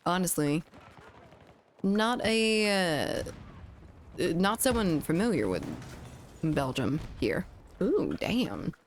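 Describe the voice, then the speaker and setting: Young female streamer, lowish voice, chatty and giggly, close studio mic. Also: big pitch swings, slow pace, pauses often, a little hiss or hum. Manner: chatty, giggly, reads chat aloud. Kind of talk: casual gaming livestream chat. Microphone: studio condenser mic.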